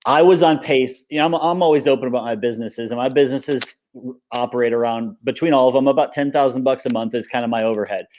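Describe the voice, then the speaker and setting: A man being interviewed in a relaxed chat, talking in an upbeat, rambling way, full of fillers. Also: mid-range voice, fast, slight background noise. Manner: rambling and upbeat, many fillers like "like" and "you know". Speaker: interview guest, paintball coach and business owner.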